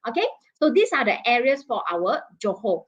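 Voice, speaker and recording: A woman with a Malaysian English accent presenting market data in a webinar, checking in with "okay?" and "right?" and pausing on fillers. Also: fairly high pitch, very animated, breathy edge. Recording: dull lo-fi webinar audio.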